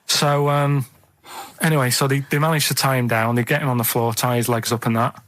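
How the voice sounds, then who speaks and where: A man on a radio chat show, telling rambling stories in a deadpan way. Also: medium pitch, brisk, no room sound. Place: radio studio.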